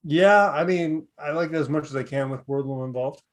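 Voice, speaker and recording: Man, slightly high voice, curt replies, blunt, casual podcast chat. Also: brisk. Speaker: podcast co-host.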